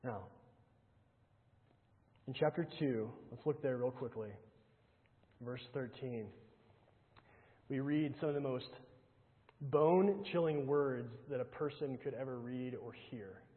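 A man preaching a sermon, earnestly reading scripture aloud and pressing his point with rhetorical questions and repetition, often dropping to a low hush. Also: slow pace, long pauses. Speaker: pastor. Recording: tinny phone-like sound with long hall reverb.

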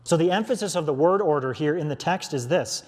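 A man's voice: on the high side, expressive, fairly quick, darkish tone. A man preaching an earnest expository sermon, restarting phrases as he works through a text. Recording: long hall reverb.

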